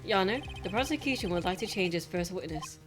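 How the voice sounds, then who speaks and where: A woman's voice: lowish voice, animated, over music, lightly acted. Woman reading as a composed prosecutor. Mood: formal. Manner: measured, formal. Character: cool, composed young male prosecutor.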